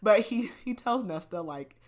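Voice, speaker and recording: A woman's voice: medium pitch, expressive, normal speed. A woman hosting a podcast, chattily recapping a novel with frequent laughs and fillers. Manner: chatty, giggly, lots of "like". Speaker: podcast host. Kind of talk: casual book recap.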